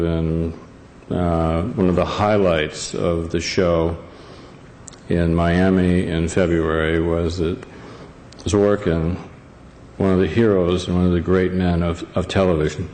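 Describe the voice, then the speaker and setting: A man's voice: sits low, a little mellow, a little hiss or hum. A man presenting to a live audience, talking with many fillers and restarts. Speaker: event presenter. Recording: echoey hall, faint ambience.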